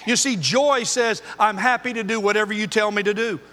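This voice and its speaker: An older man preaching a sermon as pastor, earnest, moving between loud emphasis and quiet intensity. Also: high-pitched, steady tone, brisk, in a large hall.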